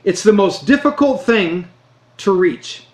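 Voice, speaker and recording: A man preaching a sermon, earnest and emphatic, slowing down to stress key phrases. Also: high voice, animated, darkish tone. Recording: roomy echo.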